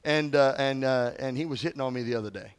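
A man's voice: mid-range voice, quick pace, smooth, big-room sound, voice pushed down, lightly acted. A male pastor voicing a young woman torn over an abusive boyfriend, pleading in a sermon example.

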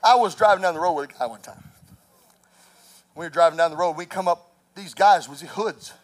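A man preaching a sermon as pastor, rising to shouts and telling stories with laughter. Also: fairly high pitch, a little fast.

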